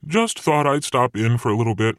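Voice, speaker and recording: A cocky, commanding male devil, as a man puts him on speaks breezily with a menacing edge in an audiobook. His voice is mid-pitched and recorded dry and close. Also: lively intonation, fairly quick, no room sound, natural voice. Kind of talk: audiobook character voice.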